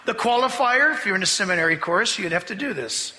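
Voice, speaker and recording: Male pastor, emphatic sermon voice, very bright tone, reverberant church hall. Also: high voice, lively intonation, fast. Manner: emphatic, exhorting, with humorous asides.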